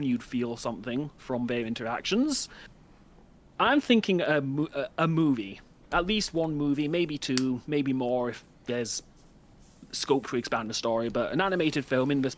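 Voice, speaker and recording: Lively, animated rambling man. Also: slight background noise. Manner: enthusiastic, rambling pitch of ideas. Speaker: book club member. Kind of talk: casual chat.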